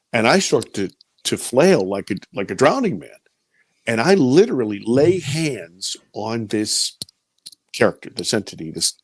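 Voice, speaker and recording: A man's voice: lowish voice, no echo, clean studio sound. A man in his fifties telling a vivid personal story as an interviewee, repeating words as he gets caught up in it. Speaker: interviewee recounting an encounter.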